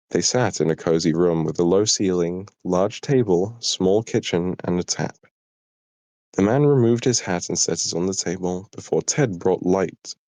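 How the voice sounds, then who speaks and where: A man's voice: low-pitched, a little mellow, no room sound. A tired British man with a southern English accent reading his own story aloud and stopping for apologetic asides. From Britain. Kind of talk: live story reading and chat.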